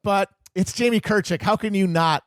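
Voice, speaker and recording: A man on a casual podcast trades quick wisecracks with his co-hosts. His voice is a bit high and recorded dry and close. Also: no echo. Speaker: podcast co-host. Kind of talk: casual chat.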